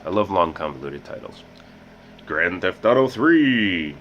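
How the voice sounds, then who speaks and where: Low-voiced man chatting casually. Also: sing-song, unhurried. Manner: rambling, self-mocking, joking asides. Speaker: host. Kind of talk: casual game collection vlog. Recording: muffled with loud background hiss.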